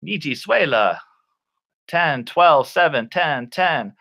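A man's voice: on the high side, lively intonation, slow, gravelly, bright, forceful tone. A man from Michigan teaching an online English class to children, playful and exaggerated, with silly sound effects. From Michigan, USA. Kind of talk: animated kids' online class.

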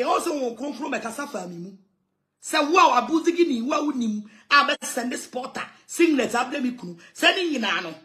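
A woman's voice: high-pitched, sharp tone. A Ghanaian woman evangelist making an emphatic, aggrieved complaint, repeating her points. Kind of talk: impassioned complaint.

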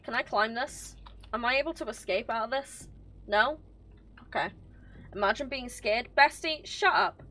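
A woman streaming a game live, excitable and swearing, talking to the game characters and to her chat. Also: on the high side, normal speed. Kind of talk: live gameplay commentary.

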